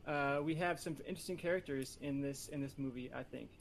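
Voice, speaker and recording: A man pitching a movie idea on a casual podcast, playful and competitive, rambling through his ideas. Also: a little fast, vocal fry, a little hiss or hum. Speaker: podcast panelist. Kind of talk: casual chat.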